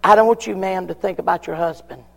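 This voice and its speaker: A man preaching a sermon, emphatic, repeating his questions with long pauses. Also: sits high, gravelly, in a large hall. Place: church.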